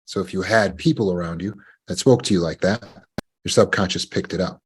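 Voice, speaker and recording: A man giving a measured motivational talk on recovery, often asking the listener rhetorical questions. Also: low voice, husky. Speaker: self-help speaker.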